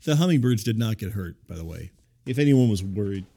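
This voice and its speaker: A man hosting a comedy radio show, talking in a calm, deadpan, placating way. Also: fairly low pitch, a little fast. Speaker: radio host.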